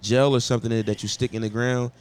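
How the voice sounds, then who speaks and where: A man's voice: mid-range voice, level tone, fast talker, darkish tone, clean tone. A man co-hosting a podcast, joking around in casual slangy chat. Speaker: co-host.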